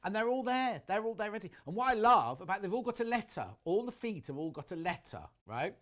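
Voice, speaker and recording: A man's voice: high-pitched, very animated, a little fast, fairly bright tone. A man presenting a live television shopping demonstration in a TV studio, chatty and enthusiastic, talking straight to viewers.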